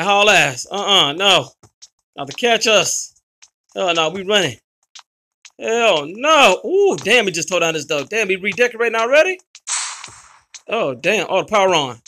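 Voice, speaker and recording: Excitable man with a bright voice. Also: high-pitched, normal speed, long pauses. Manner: excitable, slangy, yelling at teammates. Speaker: gaming channel host. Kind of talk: live gameplay commentary.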